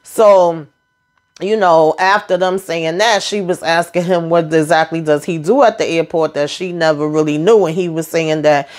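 A woman casually recapping a TV episode, chatty and animated, speaking frankly and mildly cursing as she calls out the characters. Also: deep voice, normal speed. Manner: frank and blunt, with mild swearing. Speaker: TV episode reviewer.

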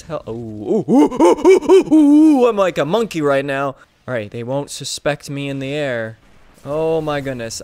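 Excitable young man narrating his gameplay. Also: mid-range voice. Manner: excitable, swings between mumbled asides and yelps. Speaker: gaming YouTuber. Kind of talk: casual gameplay commentary.

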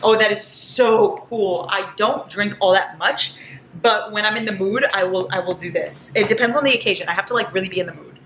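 A woman vlogging a casual haul, gushing and excitable, squealing over each item. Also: medium pitch, fairly quick. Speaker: book vlogger. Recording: echoey room with faint hiss.

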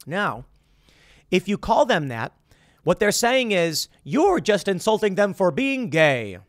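A man delivers a political commentary monologue as host, his voice high and lively. He swings widely in pitch as he acts out quoted voices. The sound is dry and close, with no room echo. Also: slow pace.

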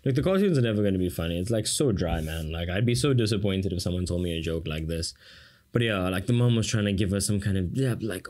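A South African man with a fairly low voice talks through an exam question in a relaxed, casual way. He keeps breaking off for dry, sarcastic jokes aimed at the viewer. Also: fast talker. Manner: sarcastic, jokey asides to the viewer. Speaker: tutor. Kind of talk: casual exam-prep lesson.

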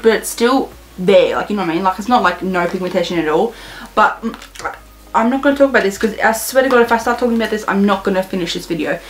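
A teenage girl gushing excitedly through a casual beauty haul vlog, saying "literally" constantly. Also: a little high, a little hiss or hum. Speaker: beauty vlogger.

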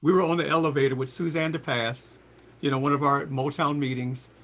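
A man in his sixties, a singer, telling lively stories in a casual interview and jumping into high voices for quotes. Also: brisk. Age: 60s. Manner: animated storyteller, jumps into high voices for quotes. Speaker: singer and guest.

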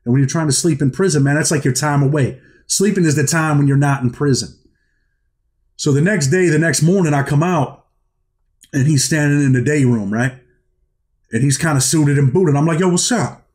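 A man's voice: fairly high pitch, moderate pace, a little mellow. A man from New York hosting his own channel, telling a story in casual street slang and acting out quoted lines. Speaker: host telling his prison stories.

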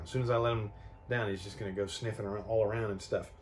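A young man with a fairly low voice chats casually to camera from a small home studio, rambling with fillers and restarts. The camera mic picks up a faint hum behind him. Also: steady tone, quick pace. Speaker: vlogger.

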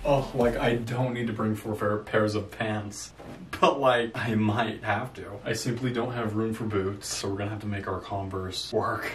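A man's voice: on the low side, level tone, normal speed, slight background noise. A young man chatting casually to his camera at home, rambling with self-mocking asides while he packs. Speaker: vlogger. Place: at home indoors while packing. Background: background music.

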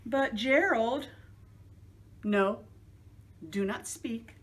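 A woman voicing a cheerful, energetic male pig with an eager way of talking. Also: on the high side, extremely slow.

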